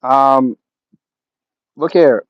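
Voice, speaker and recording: A man's voice: mid-range voice, extremely slow, no echo. A man of Jamaican background hosting a livestream, reading out chat comments and answering them with sarcasm and laughter. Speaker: livestream host. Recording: dull lo-fi stream audio.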